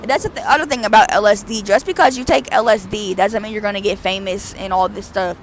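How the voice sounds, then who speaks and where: A woman's voice: mid-range voice, fast, a little hiss or hum. A young adult woman vlogger telling a story in a casual, rambling way, full of fillers. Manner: rambling, animated, with many fillers.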